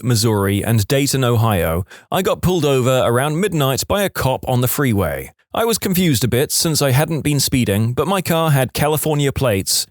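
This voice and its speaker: Lively male storyteller, dry close mic. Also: medium pitch, no room sound. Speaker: story narrator. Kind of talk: reading online stories aloud.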